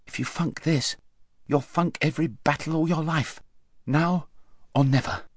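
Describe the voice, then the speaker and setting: A man doing a hushed, anxious young boy. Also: a little high, unhurried, no echo, studio quality, pitched above the performer's own voice. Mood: urgent. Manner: hushed, murmured thoughts.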